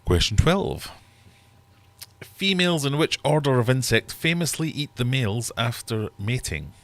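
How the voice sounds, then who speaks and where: A man's voice: medium pitch, big pitch swings, unhurried, a bit bright. A man hosting a live-stream quiz from his fish room, chatty and teasing his viewers. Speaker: livestream host running a quiz. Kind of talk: casual live-stream chat.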